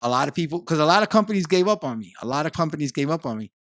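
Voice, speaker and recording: A man, a guest on a podcast, telling a long personal story in casual conversation, animated and repeating himself as he talks. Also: on the high side, racing, no echo, studio quality. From Puerto Rico.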